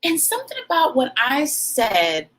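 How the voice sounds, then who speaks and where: A young adult woman vlogger telling a story casually to camera, frank and animated, with dramatic pauses and asides to her viewers. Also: high voice, slightly rough, low-quality recording.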